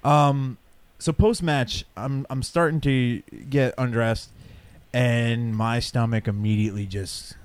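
A man's voice: medium pitch, fairly even intonation, takes it slowly, clear, resonant tone, dry recording. A man co-hosting a casual podcast, telling a crude story with frequent laughs. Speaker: podcast co-host. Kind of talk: casual chat.

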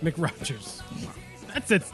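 A man's voice: a little high, huge pitch swings, unhurried, soft background music. A man hosting a casual comedy podcast, joking and laughing often with his co-hosts. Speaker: podcast host. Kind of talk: casual banter.

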